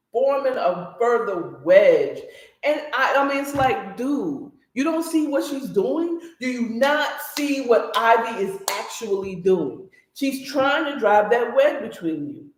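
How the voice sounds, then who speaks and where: A woman's voice: on the high side, slow pace. A woman casually recapping a story with blunt, opinionated commentary, talking straight to her listeners. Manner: animated, blunt and opinionated, talks to listeners directly. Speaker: book recap host. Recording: roomy echo.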